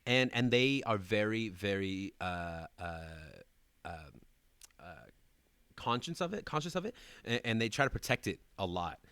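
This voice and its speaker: Young guy on a podcast, bright forceful voice, dry mic, swears a lot, super animated. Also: fairly low pitch, normal speed, smooth, no echo. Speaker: podcast co-host, dance teacher. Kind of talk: casual chat.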